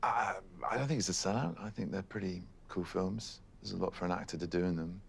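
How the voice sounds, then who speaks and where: A man's voice: sits low, fairly quick, vocal fry, a little hiss or hum. A man with a British accent, a guest in a comedic interview, giving dry, understated replies. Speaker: guest actor.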